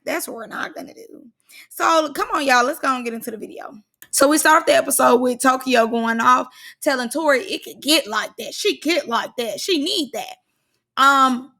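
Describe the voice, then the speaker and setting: A young woman talks through a reality show in a sassy, slang-filled way, animated and full of asides. Her voice sits high and bright, with a gravelly fry running through it. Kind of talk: casual reaction commentary.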